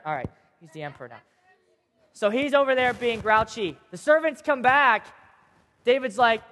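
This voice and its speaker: A man's voice: high-pitched, a little fast. Chatty man telling a kids' Bible story. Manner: animated, chatty, checks in with the group. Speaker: youth teacher. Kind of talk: acted Bible story for kids. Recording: long hall reverb.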